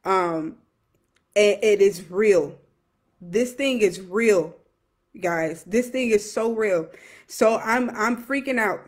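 Young minister sharing a testimony, earnest, keeps repeating itself, lots of um and like, middle pitch. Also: takes it slowly. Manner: earnest, repetitive, lots of fillers and restarts. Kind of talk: emotional personal testimony.

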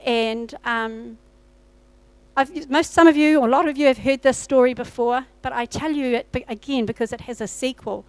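A woman's voice: sits high, moderate pace, darkish tone, no room sound, rough recording. A woman pastor, preaching a sermon and telling a personal testimony with acted-out dialogue. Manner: storytelling, acts out her own past dialogue. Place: church.

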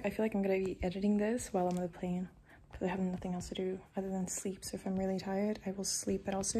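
A woman's voice: medium pitch, warm tone. A young woman with a first language other than English, chatting casually and rambling a little as she vlogs, poking fun at herself. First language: not English. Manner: chatty, rambling, self-deprecating. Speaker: vlogger. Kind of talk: casual vlog chat.

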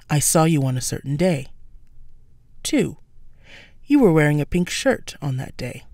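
A woman giving a scripted language lesson, explaining words slowly and carefully with French examples. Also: sits low, creaky, warm tone, no room sound. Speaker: French teacher.

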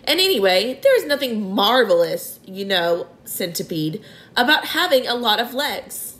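A woman's voice: medium pitch, big pitch swings, normal speed, fairly bright tone. A woman voicing a prim, scolding male earthworm in a storybook reading. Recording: roomy echo.

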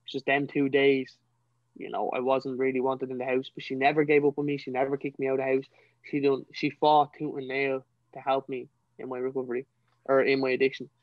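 An earnest young adult man with a Dublin Irish accent tells his own story as a podcast guest, speaking with emotion and filling gaps with "you know." His delivery is brisk and fairly monotone in pitch, and the dry recording sounds a little dull and lo-fi.

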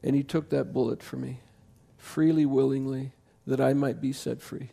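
A pastor preaching a sermon in a church, conversational and impassioned, jumping to loud emphasis. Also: male voice, medium pitch, fairly even intonation, normal speed, creaky. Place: church sanctuary.

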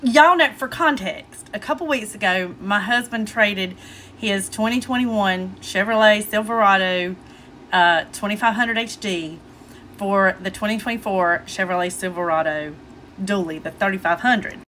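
A woman's voice: medium pitch, a little slow, bright, forceful tone, a little hiss or hum. A woman with a Southern US accent telling a funny story to her viewers in a casual chat. She keeps fighting back her laughter. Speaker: vlogger.

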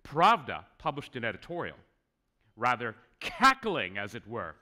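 Lively, wry man giving a lecture. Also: unhurried. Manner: conversational and wry, with asides to the audience; lively, swinging pitch for emphasis. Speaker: historian giving a conference lecture. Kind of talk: conference lecture. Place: conference hall.

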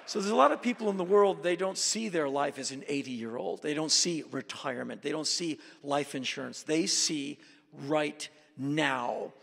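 A man spins travel tales in an animated, emphatic monologue, his voice gravelly and set a little high for a man. He swings from quiet asides to sudden shouted bursts. A long reverb from a large hall trails after each phrase. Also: normal speed. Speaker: speaker telling travel stories.

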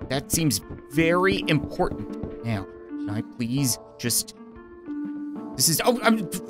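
A man commentating a horror game let's play, sarcastic, jumpy and self-deprecating, cracking jokes about his job. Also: fairly high pitch. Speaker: gaming YouTuber. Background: game music.

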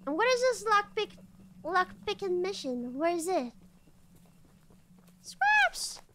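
Bubbly high-voiced woman streamer. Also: normal speed, noisy background. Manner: playful, excitable, hums and sing-song repetitions. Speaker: VTuber streamer. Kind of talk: casual gameplay commentary.

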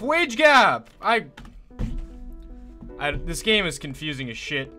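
A man's voice: on the high side, sing-song, slow pace, long pauses, sharp tone, soft background music. A young man commentating a game he plays, exasperated, sarcastic and swearing often. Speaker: gaming YouTuber.

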